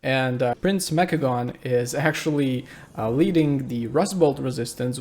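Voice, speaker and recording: Easygoing man chatting about a game. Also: medium pitch. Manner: relaxed, conversational, many filler "uh"s. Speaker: gaming channel host. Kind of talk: casual video commentary.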